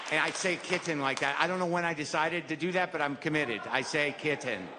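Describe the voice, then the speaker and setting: A middle-aged male comedian on a theater stage, fairly high-pitched for a man, rambling in a wry, neurotic, self-deprecating way. The room carries a long reverb, and a clearly audible crowd and steady background noise sit behind him. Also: quick pace. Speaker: stand-up comedian. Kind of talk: stand-up routine.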